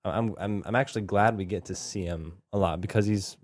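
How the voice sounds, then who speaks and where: A man's voice: lowish voice, fairly quick. A man co-hosting a podcast in a casual film review chat, talking hesitantly with many fillers and restarts. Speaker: podcast co-host.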